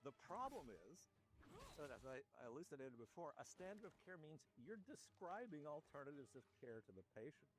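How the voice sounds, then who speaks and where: A man speaking as a guest physician in an interview, explaining in a measured way and often rephrasing. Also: fairly high pitch, sing-song, rough recording. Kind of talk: interview discussion.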